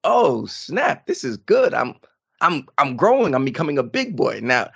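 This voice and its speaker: A man voicing his excited six-year-old son in a high, childish pitch. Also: a little slow, gravelly, husky, dull audio, exaggerated voice.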